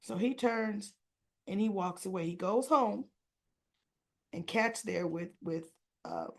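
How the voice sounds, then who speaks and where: A woman's voice: medium pitch, big pitch swings, takes it slowly. A woman recapping a soap opera episode in a chatty, casual way, quoting the characters' lines as she tells the story.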